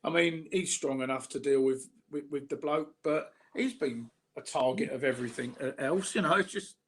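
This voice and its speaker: Cockney man in casual chat; halting, repetitive delivery, blunt and sweary, slightly raised pitch. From South London.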